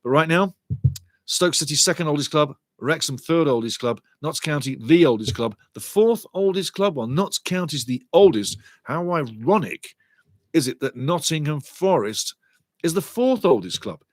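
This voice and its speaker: A man hosting a live football watchalong, giving rambling, chatty match commentary and shouting out to viewers in the chat. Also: on the high side, animated, moderate pace, no room sound. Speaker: watchalong host.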